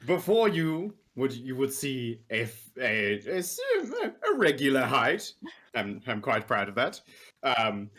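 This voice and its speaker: A man introducing his character in a tabletop game, halting and theatrical, with a proud tone. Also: mid-range voice, big pitch swings, a bit bright. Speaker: player. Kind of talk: in-character role-play.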